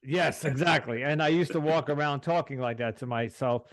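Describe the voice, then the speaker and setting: A man with a Long Island accent hosting a podcast interview, talking haltingly with fillers and throat clearing. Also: fairly high pitch, steady tone, dry recording. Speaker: podcast host.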